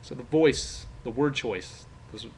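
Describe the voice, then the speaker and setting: A man's voice: mid-range voice, slow pace, background noise. A man teaching a class in a casual, chatty way, with many fillers and rhetorical questions. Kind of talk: classroom explanation with role-play.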